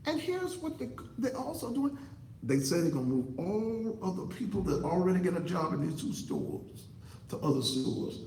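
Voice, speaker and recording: A man's voice: sits high, very animated, moderate pace, a little mellow, echoey room, slight background noise, rough recording. A man delivering a fiery, preachy commentary monologue to camera as an online talk show host, repeating himself for emphasis. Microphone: computer setup facing a monitor.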